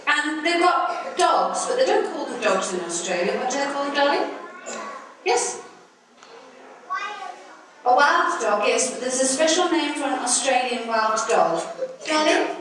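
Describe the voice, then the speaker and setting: Cheerful woman teaching kids in a school hall; high and slow, heard from afar in a roomy space with music playing. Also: expressive, fairly bright tone. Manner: cheerful, coaxing, asks the class questions. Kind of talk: teaching and singing to young children. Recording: echoey room, distant mic, music behind.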